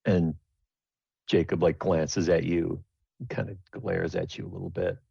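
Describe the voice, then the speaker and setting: A man's voice: deep voice, flat delivery, a little slow, creaky, warm tone, husky, dry recording. A man narrating a tabletop game as game master, rambling with many restarts. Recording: dull lo-fi dry recording.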